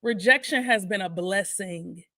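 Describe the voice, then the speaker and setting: A woman's voice: mid-range voice, measured pace. Candid laughing woman sharing testimony. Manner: lively, laughing, acts out her own prayers. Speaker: guest co-host. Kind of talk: candid talk-show testimony.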